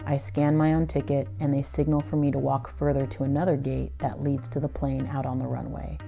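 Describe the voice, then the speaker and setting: A woman with a low, gravelly voice narrates her own story. She tells it breathlessly and dramatically, letting a curse slip now and then. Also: level tone, fairly quick, dark tone, faint music behind. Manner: breathless, dramatic, swears at times. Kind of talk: first-person storytelling.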